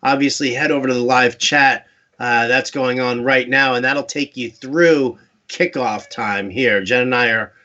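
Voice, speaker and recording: A man's voice: medium pitch, fairly even intonation, unhurried, pushed and bright. A man from New York hosting a live fantasy football stream, chatty and joking, in a lo-fi recording. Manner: chatty, joking, restarts often. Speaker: host. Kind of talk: casual sports chat. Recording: dull lo-fi live stream audio.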